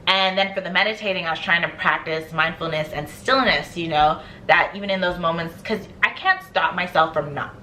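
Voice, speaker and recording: Woman vlogging about skincare, chatty, bright voice, faint noise in the back. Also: fairly low pitch, brisk, hardly any pauses. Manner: chatty, laughs often, acts out stories. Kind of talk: casual chat.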